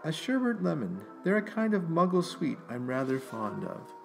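A man reading aloud and voicing a calm, gently amused elderly wizard headmaster, with loud music behind him. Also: fairly high pitch, normal speed, creaky, voice pushed up.

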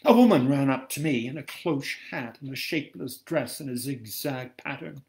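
A man reading his own novel aloud in measured first-person storytelling, heard over a video call from home. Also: medium pitch, animated, darkish tone.

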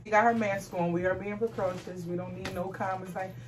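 A woman's voice: mid-range voice, steady tone, brisk, over music. A young woman and mother talking casually to her viewers in a family vlog, chatty and coaxing her child along. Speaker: vlogger and mother.

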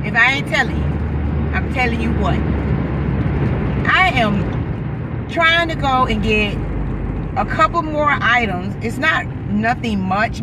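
A woman from New York City vlogging while driving, chatting playfully and upbeat and joking around in a casual way. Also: fairly high pitch. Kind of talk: casual chat. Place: in a car, out driving. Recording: distant mic with loud road noise.

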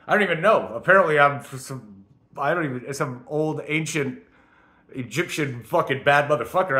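A man from the United States films himself on his phone, delivering a profane, rambling spiritual rant. His voice is bright and sharp, sitting somewhat high for a man, and he swings from defiance to affection without settling down. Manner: defiant, rambling, heavy swearing. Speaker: vlogger.

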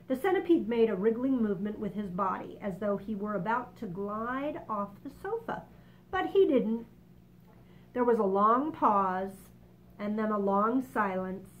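Expressive woman reading a children's book. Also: medium pitch, a little slow, a little hiss or hum, rough recording. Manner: expressive, self-correcting. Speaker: story reader.

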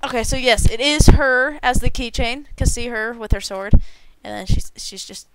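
A bubbly, excitable young woman chatting through an unboxing, her words tumbling over each other. Her voice sits fairly high and comes through smooth and clear. The sound is close and dry, with no room around it. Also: moderate pace, dry recording. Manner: bubbly and excitable, gushing with stumbling repeats. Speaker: unboxing channel host. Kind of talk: casual unboxing chat.

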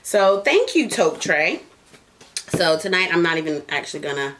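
A woman's voice: fairly low pitch, sing-song, moderate pace, a bit bright. A woman hosting a casual podcast while smoking, talking bluntly and profanely, joking, with laughs and coughs. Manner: laughs and coughs between lines. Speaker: podcast host.

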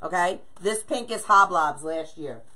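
A woman's voice: lowish voice, animated, a little slow, sharp tone. A woman hosting a live crafting stream, greeting viewers by name and counting aloud as she works. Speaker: craft livestream host. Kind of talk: chatty livestream while crafting.

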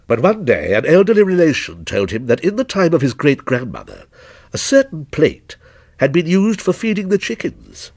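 A man reading a short story aloud in a measured, expressive way. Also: a little high, breathy edge. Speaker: story reader.

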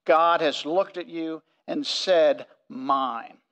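A male pastor preaching a sermon, earnest and emphatic, slowing down to stress key phrases. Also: high-pitched, animated, fairly bright tone, long reverb tail, low-quality recording. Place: church sanctuary.

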